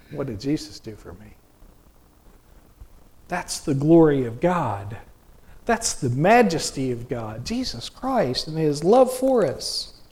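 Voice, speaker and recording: A middle-aged man delivers a sermon in a relaxed, homespun way, asking the listeners questions and circling back on his words. His voice sits a bit high for a man and swings widely up and down. He takes his time, speaking at an unhurried pace. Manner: folksy, conversational preaching with many restarts and rhetorical questions. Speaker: preacher.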